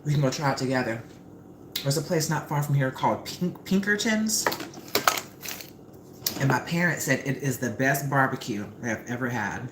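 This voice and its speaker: A young woman hosting a casual livestream while cooking, an animated, chatty storyteller who swears freely. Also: extremely low pitch, normal speed, pauses often. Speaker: livestream host. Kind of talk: casual live-stream chat while cooking. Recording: roomy with faint background noise.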